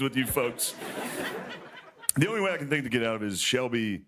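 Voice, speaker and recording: A man doing a stand-up monologue on a television studio stage, animated and jumping up in pitch to mock things. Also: quick pace, heavy background noise. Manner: animated, jumps up in pitch when mocking. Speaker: stand-up comedian.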